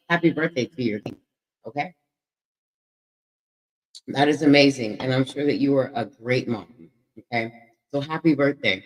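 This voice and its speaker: Loud playful woman streamer greeting chat. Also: rumbling low, moderate pace, long pauses, low-quality recording. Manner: loud, playful, shouts out chat names, swears freely. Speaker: livestream host. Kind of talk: casual livestream chat with viewers. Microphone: microphone with echo.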